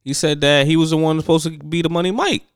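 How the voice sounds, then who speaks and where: A man's voice: a little high, quick pace, clean tone, dry recording, studio quality. A man co-hosting a casual podcast chat, rambling and profane, full of fillers. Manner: laid-back, profane, rambling with many fillers. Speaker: podcast co-host.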